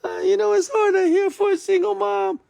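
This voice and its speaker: Shrill, tearful complaining mother, pleading tone, done by a man in falsetto. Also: level tone, brisk, vocal fry, a little mellow, no echo, full character voice. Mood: whiny. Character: whiny complaining woman, single mother.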